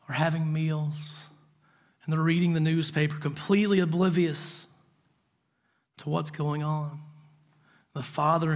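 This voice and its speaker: Earnest man preaching a sermon. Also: on the high side. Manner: earnest storytelling, drops to soft intense tones. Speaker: pastor. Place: church.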